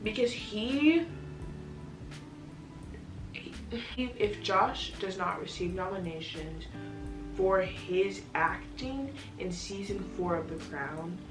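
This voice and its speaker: A woman's voice: mid-range voice, expressive, takes it slowly, pauses often, distant mic. Young woman rambling about a show she loves, echoey room, music playing underneath. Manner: gushing, chatty, restarts often. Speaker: vlogger reviewing a TV series. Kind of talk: casual chat.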